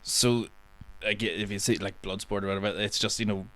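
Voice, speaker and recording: A man's voice: on the low side, flat delivery, brisk, fairly bright tone, smooth, poor audio. A man on a podcast who animatedly retells comedy film scenes and laughs along. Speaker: podcast guest. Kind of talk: casual film chat.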